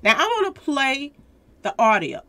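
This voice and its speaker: A woman's voice: high-pitched, sing-song, normal speed, a bit bright. A woman hosting a casual news commentary, talking straight to her viewers, repeating her points with emphasis. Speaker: commentary channel host.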